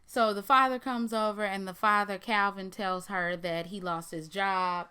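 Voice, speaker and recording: A woman's voice: mid-range voice, steady tone, moderate pace, sharp tone, smooth. A woman recapping a TV episode casually, with blunt, sarcastic running commentary. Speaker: TV recap vlogger.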